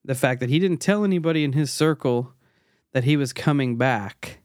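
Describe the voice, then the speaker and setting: A man's voice: medium pitch, normal speed, a little mellow, dry recording. Man, podcast co-host, casual analytical chat, dry close sound. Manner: analytical, pointing out details, with restarts.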